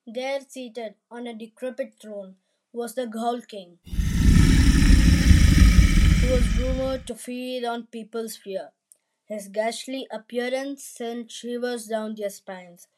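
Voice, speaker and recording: Female narrator for horror fiction, measured and even, higher pitch, mellow tone. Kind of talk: scripted horror story narration.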